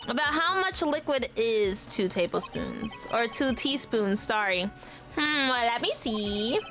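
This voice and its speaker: A chatty woman streamer with a high voice, thinking aloud as she plays. Game music runs clearly behind her. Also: expressive, unhurried, a bit bright. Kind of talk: casual let's-play commentary.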